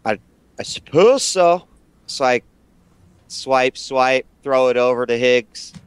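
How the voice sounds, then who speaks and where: A man playing a tabletop role-playing game, chatting quickly and jokingly. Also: mid-range voice, clean tone, no room sound. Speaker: player. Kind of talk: casual tabletop game chat.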